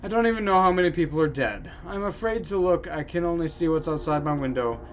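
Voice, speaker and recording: A man reading a lonely, melancholy game character's letters aloud in a low, subdued voice. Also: fast talker, a little hiss or hum, close to an everyday voice. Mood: gloomy.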